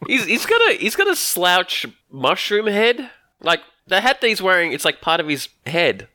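A man's voice: sits high, big pitch swings, moderate pace, pushed and bright, no room sound. A man with an Australian accent, chatting casually as a podcast co-host, wry and joking, often laughing. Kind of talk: casual chat.

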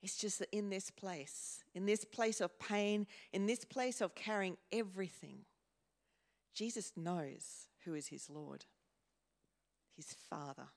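A woman pastor preaching a sermon in a church, slow and measured, pausing and repeating words as she goes. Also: mid-range voice, gravelly. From Australia. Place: church hall.

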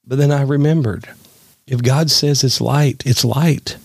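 A man's voice: medium pitch, steady tone, measured pace, vocal fry, slightly rough, dry recording. A middle-aged man preaching a sermon, telling a personal story in an earnest, folksy way.

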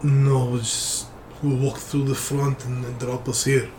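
A man voicing a weary dwarf prisoner with a put-on Russian accent, giving short, flat answers. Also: mid-range voice, a little slow, a little hiss or hum, natural voice. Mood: curt. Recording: roomy echo.

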